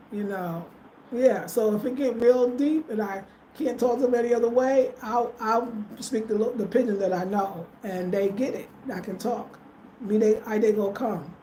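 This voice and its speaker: A woman with a mid-range, darkish voice talks casually to her livestream audience, thanking viewers by name. The middle-aged American vlogger is answering live chat from her rural home in Ghana. The room is echoey, and faint ambient noise can be heard.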